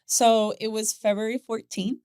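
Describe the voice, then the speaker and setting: A woman's voice: fairly high pitch, little pitch movement, moderate pace, darkish tone, clean tone, no echo, studio quality. A woman guest on a podcast, openly telling a personal story in casual conversation and laughing now and then. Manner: open, storytelling with acted quotes and laughs.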